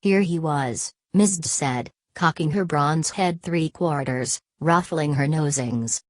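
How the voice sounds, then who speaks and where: A woman reading a literary audiobook in a measured, unhurried way. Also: low-pitched, dry recording. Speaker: audiobook narrator.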